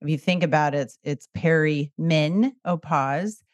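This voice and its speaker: A woman's voice: low-pitched, a little slow, no echo. A middle-aged woman hosting an interview, bubbly and chatty, laughing often. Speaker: podcast host. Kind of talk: casual interview.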